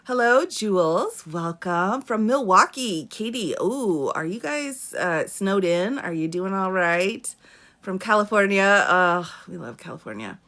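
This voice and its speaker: A woman's voice: mid-range voice, animated, unhurried, a bit bright. A woman attorney hosting a live question-and-answer stream, chatting casually, greeting viewers by name and laughing often. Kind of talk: casual live-stream chat reading comments. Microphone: phone or webcam for a live stream.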